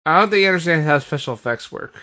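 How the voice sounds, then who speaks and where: A man's voice: on the high side, animated, racing, sharp tone. A man co-hosting a casual chat, throwing in dry teasing questions. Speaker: co-host listener.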